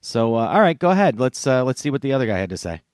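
A man's voice: mid-range voice, quick pace, no room sound, studio quality. A man hosting a comedy podcast, casual and profane. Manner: profane, animated, laughing. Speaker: podcast host.

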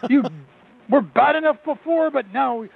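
Shrieky gravelly old bible-thumper on the phone, very high and husky, tinny line. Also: male voice, a little slow, heavily acted. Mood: outraged. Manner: shrill, preachy, condemning. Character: furious old male religious crank caller.

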